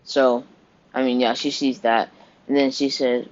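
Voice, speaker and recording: A man's voice: medium pitch, flat delivery, a little slow. A man narrating an improvised fan story in a loose, rambling way. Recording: dull lo-fi recording.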